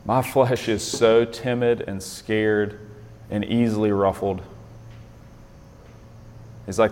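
A man's voice: fairly low pitch, steady tone, slow pace, pauses often, a little mellow, big-room sound. A man leading an interactive Bible lesson in a conversational way, often quizzing his listeners with questions. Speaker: Bible study leader.

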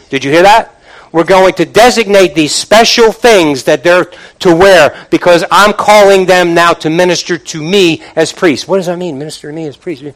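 High-voiced man preaching emphatically. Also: rough recording. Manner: emphatic, repetitive preaching with sudden drops to a low, quiet voice; calls out to the congregation with questions. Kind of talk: sermon.

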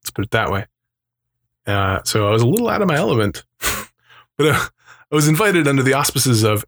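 A podcast co-host with a medium-pitched, somewhat bright voice talks briskly and very animatedly, pausing often. In casual chat he tells rambling stories, acts out the voices of people he quotes, and laughs frequently between remarks.

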